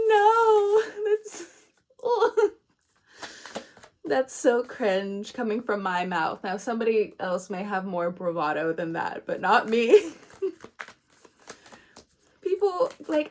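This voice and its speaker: A young adult woman giving a casual, meandering tarot reading, chatty and laughing at herself. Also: mid-range voice. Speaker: tarot reader.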